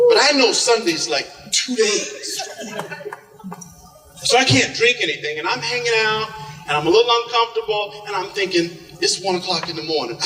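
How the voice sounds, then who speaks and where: A middle-aged man from Oklahoma telling a comic story live to an audience, animated and acting out quoted lines. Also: high voice. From Oklahoma, USA. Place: large hall with an audience. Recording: echoey hall, far from the mic.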